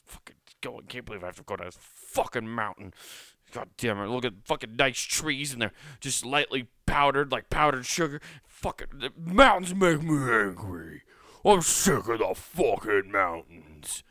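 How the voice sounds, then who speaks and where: A man's voice: mid-range voice, expressive, normal speed, sharp tone, no room sound, clean studio sound, pitched above the performer's own voice. A man voicing a furious skier who grumbles and curses under his breath on the way down a mountain.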